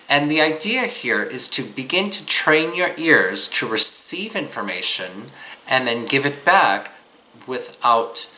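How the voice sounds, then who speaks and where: A man's voice: medium pitch, pushed and bright, slight background noise, rough recording. A man teaching an instructional course, patiently guiding listeners through listening exercises. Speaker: psychic medium teaching a course.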